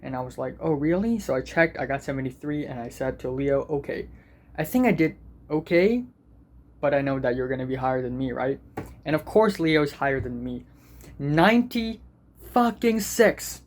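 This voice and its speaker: A man's voice: mid-range voice, brisk, a little mellow, slight background noise. A teenage boy vlogging as a student, venting in an angry, profane and self-deprecating way. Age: teens. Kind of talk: ranting vlog.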